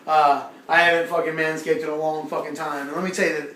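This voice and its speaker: Young male stand-up comic, profane rambling storyteller, slightly high voice, echoey club room. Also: little pitch movement, fast talker, a bit bright, slight background noise. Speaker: stand-up comedian. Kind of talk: stand-up comedy set. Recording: echoey room with faint ambience.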